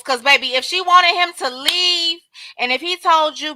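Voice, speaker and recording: A woman's voice: high-pitched, expressive, normal speed, bright, forceful tone, dry recording. A woman hosting a casual livestream commentary, talking straight to her viewers and calling out chat names. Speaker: livestream host.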